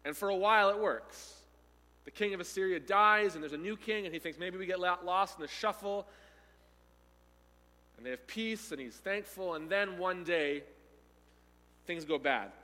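A man preaching a sermon, retelling a story with animated delivery and acting out the quoted speakers. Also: high-pitched, normal speed, big-room sound.

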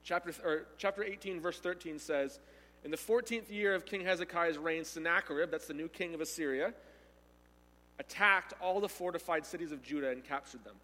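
A man preaching a sermon, retelling a story with animated delivery and acting out the quoted speakers. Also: a little high, brisk, long reverb tail.

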